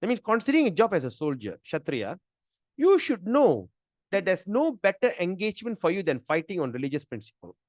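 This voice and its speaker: A man's voice: high-pitched, very animated, fast, hardly any pauses, no room sound, clean studio sound. A middle-aged man, teaching a scripture class in a chatty, emphatic way. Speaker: Gita teacher.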